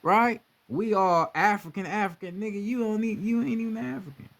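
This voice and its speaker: A young man talking in a casual monologue, profane and animated, often slipping into mocking voices of others. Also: high voice, brisk, creaky.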